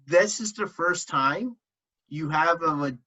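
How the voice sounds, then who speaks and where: A man's voice: on the high side, takes it slowly, sharp tone. A man co-hosting a casual comic book chat, enthusiastic and filler-heavy. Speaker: podcast co-host. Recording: dull lo-fi sound.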